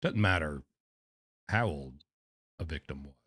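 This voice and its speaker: A man's voice: extremely low pitch, animated, unhurried, fairly bright tone, dry recording, clean studio sound. A man streaming, reading messages aloud and reacting with sarcastic disbelief. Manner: incredulous, sarcastic.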